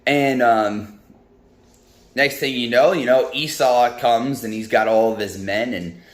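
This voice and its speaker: A man's voice: medium pitch, measured pace. A man casually retelling a Bible story in a devotional talk, rambling with many ums and restarts. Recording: roomy echo, faint music.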